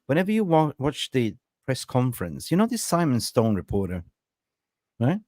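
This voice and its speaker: A man hosts a casual football fan chat, telling stories with a very lively, swooping voice and frequent laughs. The recording is dry and close. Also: mid-range voice, moderate pace, dry recording. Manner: animated storyteller, laughs often. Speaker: podcast host.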